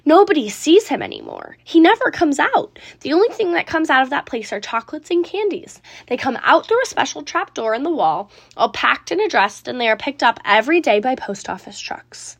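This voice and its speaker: An old grandfather, as a woman reads him, leaning in to tell a mystery in a hushed, confiding tone. His voice still rises and falls with feeling in this storybook. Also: high voice, wildly swooping pitch, brisk, creaky, few pauses, no echo, exaggerated voice.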